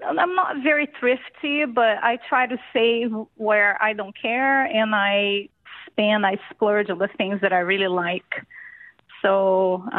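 A woman's voice: medium pitch, dry recording. A woman in her forties from California, speaking to a radio show by phone in a cheerful, practical way with light laughs. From California, USA. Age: 40s. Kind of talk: casual phone interview. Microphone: telephone. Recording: tinny phone line.

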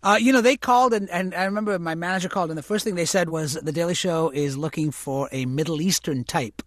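A man being interviewed about his acting career, talking reflectively and correcting himself as he goes, turning lively when he tells stories. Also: a little high, quick pace, dry recording, studio quality. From United States, immigrant family. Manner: thoughtful, self-correcting, animated when recounting stories. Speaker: interview guest, actor and author.

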